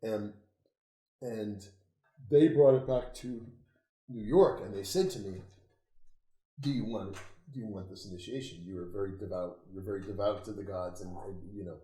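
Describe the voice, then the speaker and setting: An older man with a fairly low voice tells stories as an interview guest. He is animated and often laughs, and he swears freely. The room gives his voice a roomy echo. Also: moderate pace, pauses often. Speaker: interview guest, occultist author. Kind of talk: casual storytelling conversation.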